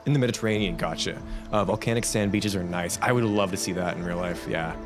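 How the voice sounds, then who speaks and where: A man's voice: low-pitched, quick pace, over music. A man chatting casually on a live stream while playing a game, rambling and talking to his chat. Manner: rambling, lively, talks to himself and chat.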